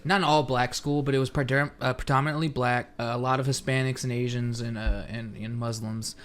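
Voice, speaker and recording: A man's voice: medium pitch, level tone, brisk. A man co-hosting a podcast, talking loosely with many fillers and restarts. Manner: rambling, filler-heavy. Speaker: podcast co-host. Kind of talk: casual chat.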